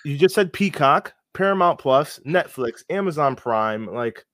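A man from Connecticut co-hosting a podcast. He rants playfully and swears for effect, with a lively, swinging pitch. The sound is dry and close. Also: a little slow, no echo. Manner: mock-ranting, swears playfully. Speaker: podcast co-host. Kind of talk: casual banter.

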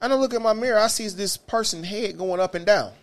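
A man with a Detroit accent, a former bus driver hosting a podcast, telling wild stories in a loud, profane, animated way that drops to mutters. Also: high voice, fast. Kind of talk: casual storytelling chat.

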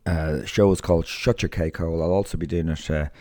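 A man's voice: low-pitched, fairly even intonation, fast talker, warm tone. A man with a Dublin Irish accent hosting a podcast, chatting casually in a rambling way, full of slang and fillers. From Ireland. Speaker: podcast host and comedian.

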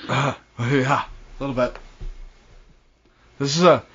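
A man's voice: medium pitch, slow, a bit bright, slightly rough. A man co-hosting a podcast in casual chat, laid-back, swearing casually and laughing often. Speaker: podcast co-host. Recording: dull lo-fi podcast audio.

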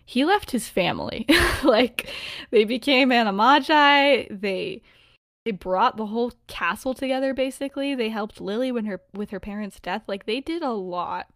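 A woman with a fairly high voice tells a story on her podcast, chatty and rambling, her sentences filled with "like" and "um." The sound is dry and close, with almost no room echo. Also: expressive, normal speed, a bit bright. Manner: chatty, rambling, many "like" and "um" fillers, giggles often. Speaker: podcast host. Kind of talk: casual storytelling of fan fiction.

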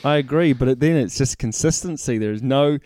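A man talks rugby in a relaxed, agreeable way and tosses in quick quips. His voice is mid-pitched with a warm, mellow tone. The recording is dry and close. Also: no echo. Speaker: rugby podcast co-host. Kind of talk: casual sports chat.

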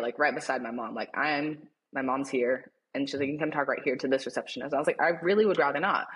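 A young man, a podcast guest, telling a story in casual chat, animated and laughing often, with lots of "like". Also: mid-range voice, normal speed. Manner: animated, laughing, heavy use of "like".

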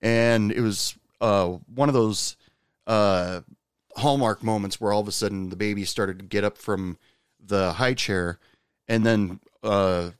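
Male storyteller, casual and meandering, lower-pitched, smooth resonant voice. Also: no echo, clean studio sound. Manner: rambling, many fillers and restarts.

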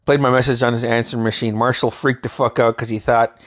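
A man's voice: mid-range voice, little pitch movement, quick pace, a bit bright. Rambling, profane man telling a story. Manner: rambling and profane, with frequent restarts and chuckles. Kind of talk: casual spoken anecdote.

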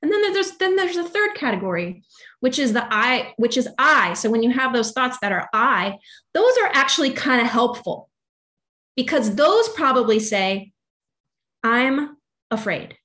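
A woman's voice: on the high side, moderate pace. Rambling chatty woman, faith talk. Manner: rambling, filler-heavy, animated. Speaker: guest, independent musician. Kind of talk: casual faith conversation.

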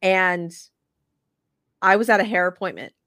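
A woman co-hosting a sports podcast, telling stories in an animated, profane way with lots of restarts. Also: medium pitch, measured pace, dry recording, studio quality. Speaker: podcast co-host. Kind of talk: casual sports chat.

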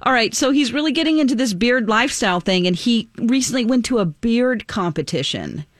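A woman co-hosting a radio show from a dry studio, bubbly and expressive. Her pitch moves a lot as she chats and sets up a prank call. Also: brisk, dry recording.

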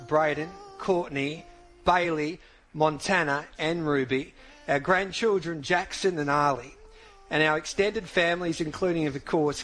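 Give me a male radio host with a slightly high voice, reading steadily. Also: fairly bright tone. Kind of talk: radio show hosting.

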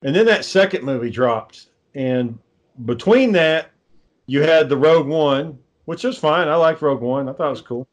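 Guy ranting and cussing nonstop, kinda high voice, sarcastic casual chat. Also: lively intonation, normal speed. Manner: ranting, sarcastic, swears constantly.

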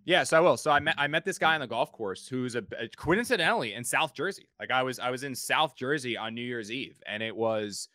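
A man's voice: mid-range voice, expressive, fairly quick, hardly any pauses, pushed and bright, dry recording. A man hosting a podcast in casual chat, rambling through stories and repeating his words. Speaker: podcast host and sports reporter.

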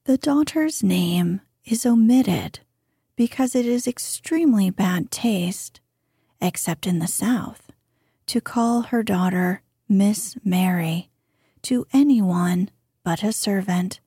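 A woman reading an old etiquette book aloud in a soft, gentle, unhurried bedtime manner. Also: mid-range voice, husky, dry recording, studio quality. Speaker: reader.

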